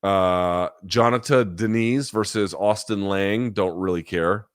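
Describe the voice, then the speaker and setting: A man in his forties hosts a live chat show, reading out viewer questions and answering bluntly with casual profanity, often thinking aloud. His voice is fairly low and slow, captured dry and clean in a studio.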